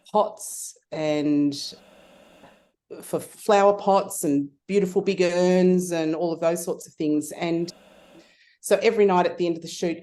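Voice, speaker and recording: A middle-aged woman spins an anecdote in a relaxed interview, her pitch leaping whenever she acts out what someone said. Her voice sits fairly low and sounds warm and mellow. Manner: animated storyteller, acts out voices with big pitch jumps. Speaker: guest. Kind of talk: casual interview storytelling.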